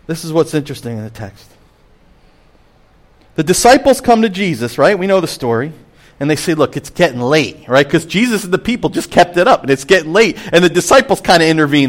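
Man, middle-aged, pastor, sermon, slightly high voice, expressive. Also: brisk. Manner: expressive, swings between emphatic and hushed.

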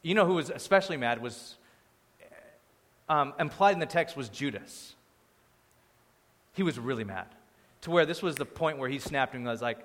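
A man preaching a sermon as the pastor, animated, acting out quoted voices, moving between loud bursts and quiet asides. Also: mid-range voice, normal speed, long pauses. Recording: long hall reverb.

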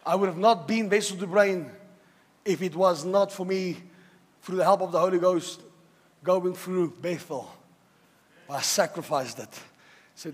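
A man preaching a sermon to a church, swinging from loud shouting to hushed intensity and repeating words for emphasis. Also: sits high, lively intonation, normal speed, pauses often, breathy edge. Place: church hall with a congregation. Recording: long hall reverb.

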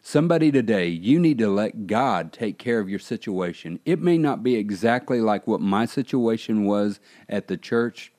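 A man's voice: fairly low pitch, animated, normal speed, few pauses, darkish tone. A middle-aged man, a pastor, delivering an earnest podcast sermon that builds in fervor. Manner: earnest preaching, rising in fervor.

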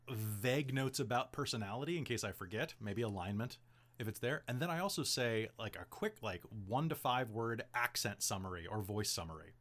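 Guy rambling about running games, lots of likes and ums, voice all over the place, mid pitch. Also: fairly bright tone. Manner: chatty, rambling, heavy use of "like" and "um". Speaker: game master and podcast host. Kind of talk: casual podcast discussion.

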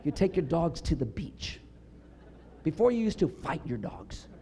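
A middle-aged man preaching a sermon, telling funny stories with punchlines and building up to emphatic shouts. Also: on the high side, very animated, measured pace. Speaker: pastor.

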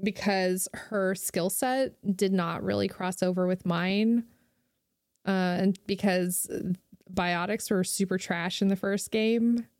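A woman co-hosting a podcast, talking in an animated, quick and playful way. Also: medium pitch, dry recording, clean studio sound. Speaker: podcast co-host. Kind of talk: casual chat.

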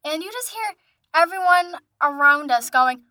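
A young woman and musician telling a storytime vlog in a chatty, animated way, with lots of filler words. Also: extremely high pitch, a little slow, no room sound, clean studio sound. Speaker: vlogger, musician.

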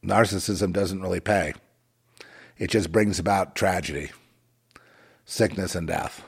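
A man's voice: sits low, steady tone, unhurried, creaky, breathy edge. A man delivering a rambling, moralizing monologue with a sardonic, digressive way of talking.

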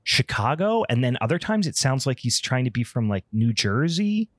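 A man's voice: mid-range voice, big pitch swings, normal speed, no room sound, clean studio sound. A man hosting a podcast in casual chat, rambling and profane with frequent ums. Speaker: podcast host.

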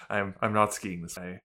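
A man's voice: on the low side, sharp tone. A man chatting casually on a podcast, rambling with lots of ums. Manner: rambling with many fillers. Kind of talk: casual chat.

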